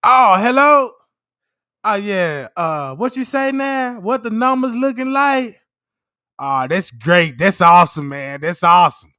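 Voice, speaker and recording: A man's voice: high-pitched, unhurried, pushed and bright, clean tone. A man voicing an overly polite, cheerful grown man in a suit, full of exaggerated small talk. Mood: businesslike.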